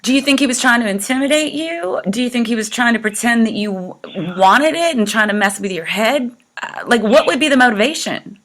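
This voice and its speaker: A woman's voice: a little high, expressive, a little fast, fairly bright tone. A woman hosting an interview show, sympathetic toward her guest and asking probing questions. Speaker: podcast host. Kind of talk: conversational interview.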